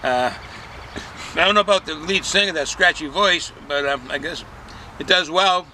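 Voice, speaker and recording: A man's voice: a little high, moderate pace, sharp tone, slight background noise, low-quality recording. An older man chatting casually as a beer reviewer, rambling with many fillers and restarts. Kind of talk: casual chat.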